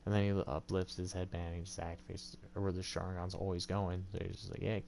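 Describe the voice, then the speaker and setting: A man with a deep, mellow voice that has a gravelly rasp narrates a tabletop role-playing game as game master. His delivery is loose and casual, full of likes, you knows and small restarts. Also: completely flat delivery, quick pace, slight background noise.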